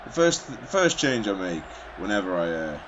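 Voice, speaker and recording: A man's voice: fairly low pitch, very animated, moderate pace, a crowd in the background. A man giving casual, wry, self-mocking commentary over his football video game, rambling into asides. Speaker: gaming commentator. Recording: slightly dull lo-fi recording.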